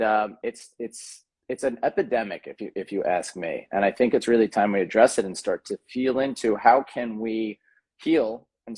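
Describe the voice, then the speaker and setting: A husky-voiced man, a tantra coach, joins a podcast as a guest and works through his ideas earnestly and thoughtfully in casual conversation. He often pauses for an um or starts a sentence over. His pitch is fairly low and his tone darkish.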